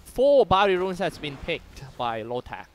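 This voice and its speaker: Man calling esports plays, slightly high voice. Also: big pitch swings, a little slow, a little hiss or hum. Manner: calls plays, careful about pronouncing names. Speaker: esports play-by-play caster. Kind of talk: live game commentary.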